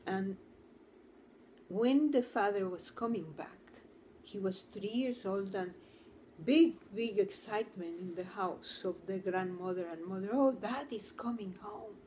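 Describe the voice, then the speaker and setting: Casting: woman therapist, slow and deliberate, mid-pitched, earnest storyteller. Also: dark tone, slight background noise. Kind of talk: talk to camera.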